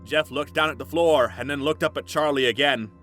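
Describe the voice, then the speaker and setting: A young man reads a story for comedy, dropping dry, mocking asides between the sentences. His voice is bright and crisp and sits slightly high for a man, with faint music playing underneath. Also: a little fast. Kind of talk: sarcastic dramatic reading with commentary.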